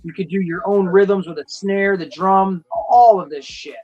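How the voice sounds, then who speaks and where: A man hosting a casual livestream chat, crude and joking, with quick asides. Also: sits high, steady tone, a little mellow, dull audio. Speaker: host.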